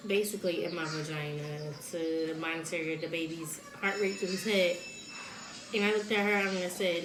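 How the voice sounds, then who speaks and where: A female host tells a story in a casual chat, animated, laughing often and acting out what people said. Her voice is lowish and unhurried, and the recording is reverberant with a noisy background.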